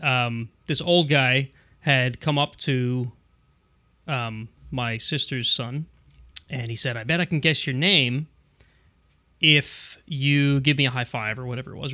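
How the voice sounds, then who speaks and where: A man's voice: mid-range voice, bright, forceful tone. A middle-aged man co-hosting a casual tech podcast, rambling and restarting his sentences with frequent chuckles. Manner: rambling, self-interrupting, chuckling. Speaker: podcast co-host.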